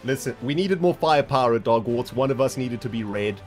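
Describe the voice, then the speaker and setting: A man with a mid-pitched voice that rises and falls freely as he puts on mock menace toward the other players. Quiet music plays behind him. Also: expressive, fairly quick. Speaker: fellow player. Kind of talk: in-character gaming banter.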